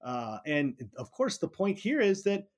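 A man's voice: high voice, sing-song, measured pace. A middle-aged man, a politics professor, talking through ideas in an interview, often restarting and repeating words as he thinks. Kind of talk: academic interview conversation.

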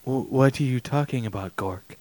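A man co-hosting a podcast, giving short dry deadpan replies. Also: mid-range voice, normal speed, dry recording. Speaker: podcast co-host. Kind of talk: casual podcast banter.

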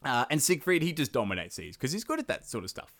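Animated casual podcast host. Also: male voice, mid-range voice, fast. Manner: casual, profane, slangy, laughing asides. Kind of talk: comedic podcast retelling of a medieval epic.

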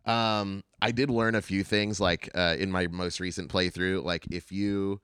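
A podcast co-host chats casually and animatedly about video games, swearing freely and acting out game lines. His deep voice is a little slow and clean, captured in studio quality with no room sound.

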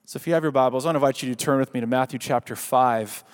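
A man preaching a sermon as pastor, shifting from slow, low scripture reading to loud, emphatic exhortation, often repeating and restarting phrases. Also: clean tone. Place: church sanctuary. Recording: long reverb of a church hall.

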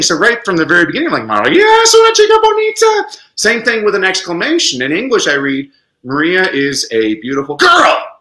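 An animated man, an educator appearing as a podcast guest, talks in an echoey room. He's lively and expressive, sweeping up into a high pitch for emphasis.

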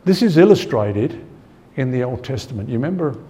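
A man's voice: mid-range voice, expressive, fairly quick, mellow, slight background noise. A man preaching a Bible-teaching sermon in a conversational way, repeating his key points and often saying "you know.".

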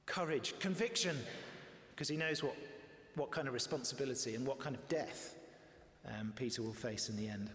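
A man preaching a sermon in a lively, conversational way, briefly acting out the voices he quotes. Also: on the high side. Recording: echoey hall with long reverb.

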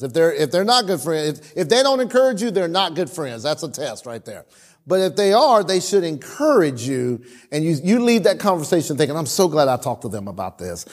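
A male pastor preaching a sermon in church, animated, swinging between loud emphasis and quiet asides and often repeating words as he restarts. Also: fairly high pitch.

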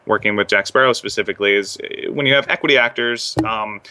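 A man's voice: lowish voice, fast talker, pushed and bright. A young man, a former theme park performer and accent trainer, chatting casually with lots of fillers and restarts. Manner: rambling with many fillers and restarts. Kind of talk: casual interview chat.

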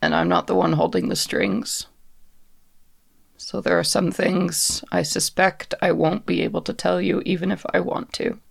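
A performer voicing a wary, guarded undead woman who is bound like a puppet on a leash, speaking in slow, halting lines. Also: mid-range voice, gravelly, no echo, clean studio sound.

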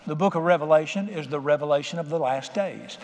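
Older folksy preacher in a reverberant hall. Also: male voice, on the high side, quick pace, a little mellow. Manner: folksy, conversational preaching with acted-out quotes. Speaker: pastor. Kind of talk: sermon. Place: church sanctuary. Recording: reverberant hall with faint ambience.

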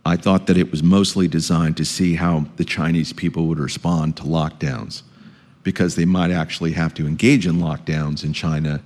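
A man speaking as a guest lecturer, answering audience questions in a measured way and often repeating words while he thinks. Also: deep voice, darkish tone. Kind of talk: public lecture Q&A.

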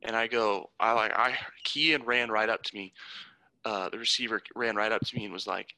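A man's voice: on the low side, moderate pace, bright, forceful tone, dry recording, poor audio. A young man telling a story in a casual conversation, rambling and heated, with many restarts. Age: young adult.

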